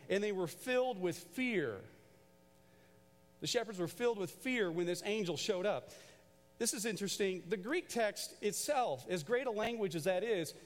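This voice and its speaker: A man preaching a sermon to a church congregation, animated and conversational, drawing the crowd into call-and-response. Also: high voice, in a large hall. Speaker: pastor. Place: large church auditorium.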